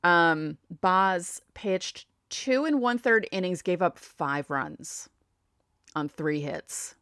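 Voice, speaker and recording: A woman's voice: lowish voice, expressive, slow pace, a bit bright, smooth, dry recording, clean studio sound. A woman with a New York accent hosting a casual solo sports podcast, chatting and thinking aloud as she reads out stats. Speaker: podcast host.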